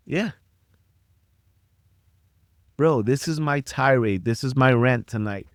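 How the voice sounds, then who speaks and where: A middle-aged man hosting a podcast by himself speaks in a mid-range, creaky voice, animated yet slow, with long pauses. He rants passionately and preachily at his listeners, repeating himself to press his points. The audio is clean studio sound without room sound.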